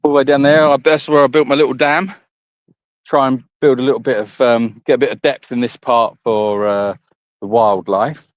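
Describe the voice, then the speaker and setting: A man's voice: mid-range voice, steady tone, normal speed, no room sound, low-quality recording. A man hosting a casual live stream from an animal sanctuary, chatting and rambling as he greets viewers by name while walking around outdoors on his phone. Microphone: phone held in hand.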